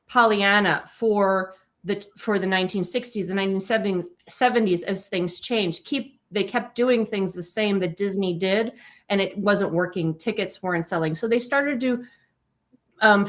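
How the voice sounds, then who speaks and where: A woman's voice: mid-range voice, fairly bright tone. A woman co-hosting a casual film discussion, enthusiastic and digressive, often correcting herself mid-sentence. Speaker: podcast co-host and author.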